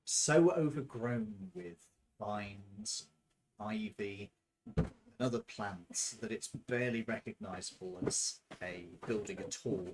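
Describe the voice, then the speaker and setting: A man serving as game master, describing scenes in a relaxed, descriptive way. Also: lowish voice, slow, gravelly, slight background noise. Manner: descriptive, relaxed, with filler ums. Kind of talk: narrating a tabletop game.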